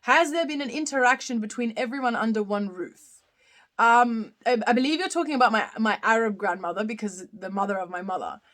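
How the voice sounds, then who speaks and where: Bright, chatty Australian woman in her thirties. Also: a little high, fairly quick. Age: 30s. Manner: chatty, giggly, reads comments aloud. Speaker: live Q&A host. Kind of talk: casual live-stream Q&A.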